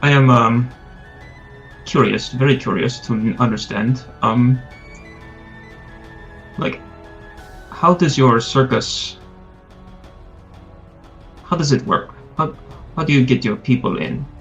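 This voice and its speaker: A man's voice: mid-range voice, takes it slowly, long pauses. A man voicing a polite, curious male dragonborn traveler who speaks hesitantly, in a lo-fi recording with faint music.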